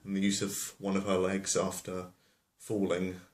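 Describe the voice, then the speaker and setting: A man's voice: deep voice, completely flat delivery, normal speed. A man telling a fairy tale as a comedy, rambling with offhand asides. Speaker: storyteller. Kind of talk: comic storytelling. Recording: roomy echo.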